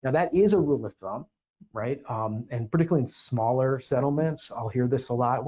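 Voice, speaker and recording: A man's voice: mid-range voice, a little fast, warm tone, highs cut off. A man hosting a legal explainer podcast, talking emphatically with sarcastic asides. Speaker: podcast host and defense attorney.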